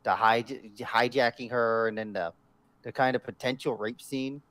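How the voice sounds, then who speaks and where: A man's voice: medium pitch, fairly even intonation, moderate pace, a bit bright, no echo. A young man rambling easygoing about anime in casual chat, laughing along. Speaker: anime podcast co-host.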